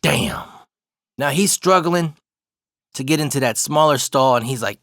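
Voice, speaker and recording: This man is telling a casual personal story, cursing liberally and laughing his way through it. He speaks at a normal speed in an ordinary mid-range pitch that comes across a bit bright. It's a dry recording, close-miked with no room sound.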